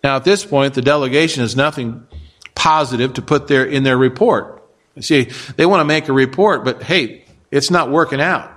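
A pastor preaching a sermon, explaining scripture with rhetorical questions and occasional fillers. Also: male voice, mid-range voice, moderate pace, fairly bright tone. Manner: expository preaching with rhetorical questions and acted quotes; frequent fillers and restarts.

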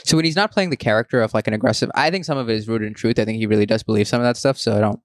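A man's voice: on the low side, no echo. A young man co-hosting a podcast in casual chat, blunt and profane. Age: young adult. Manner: blunt, profane, fast-talking. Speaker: podcast co-host.

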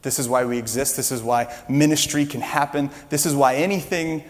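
A man preaching a sermon as pastor, telling a story with animated energy that builds when excited. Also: mid-range voice, fairly quick, long reverb tail.

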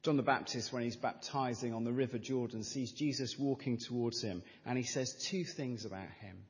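A middle-aged man preaching a sermon as pastor, measured and emphatic, building with repeated phrases. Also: medium pitch. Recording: reverberant church hall.

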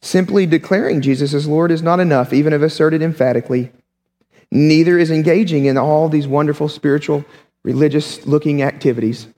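Animated high-voiced male preacher in a reverberant hall. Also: a little fast. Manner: animated and conversational, with humorous asides. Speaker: pastor. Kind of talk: sermon.

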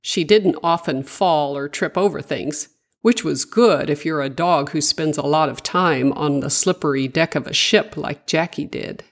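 A woman reading a children's story aloud, with expressive, sing-song narration. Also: low-pitched, a little slow.

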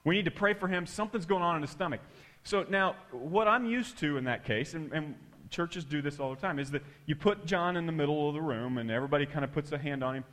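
A man preaching a sermon through an animated, emphatic personal story. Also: on the high side, fast talker. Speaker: pastor.

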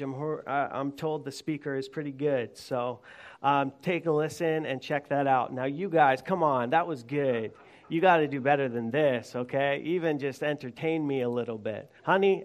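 A man preaching a sermon to his congregation, talking conversationally and joking with them. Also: fairly high pitch. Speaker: pastor. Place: church.

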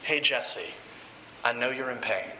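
A man voicing a calm, firm male recovery group leader who speaks in a measured, steady way. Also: mid-range voice, pitched below the performer's own voice. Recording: echoey room with faint hiss.

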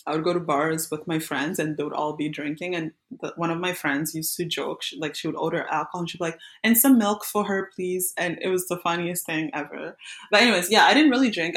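A woman, around her late twenties or thirties, casually telling a personal story with many fillers and restarts, in a reflective, soft-spoken way. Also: deep voice.

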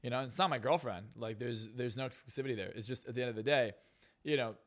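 A man's voice: mid-range voice, fast talker, a bit bright. A young man, a guest on a podcast interview, talking bluntly with lots of swearing and emphatic jabs. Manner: profane, brash and emphatic. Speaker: guest, hypnotist and success coach.

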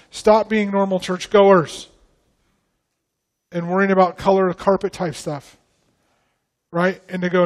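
A man's voice: high voice, little pitch movement, normal speed. A man from the northern United States, a guest pastor giving a sermon in a casual, conversational way and putting questions to the congregation.

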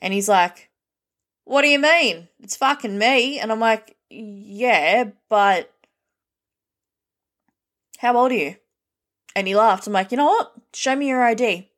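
A woman's voice: a little high, slow, long pauses. An Australian woman hosting a podcast, telling dating stories in a blunt, casual monologue full of swearing and acted-out quotes. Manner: blunt, heavy swearing, lively retelling with quoted dialogue. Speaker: podcast host.

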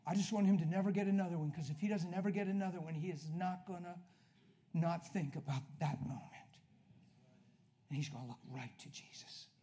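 A man preaching a sermon, telling a story and acting out both sides of a conversation, swinging from hushed talk to loud, emphatic preaching. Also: high-pitched, fairly quick.

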